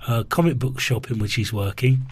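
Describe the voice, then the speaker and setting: A man co-hosting a podcast, talking casually and haltingly about comics with many ums and restarts. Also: mid-range voice, husky, no echo. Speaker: podcast co-host. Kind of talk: casual chat and comic review.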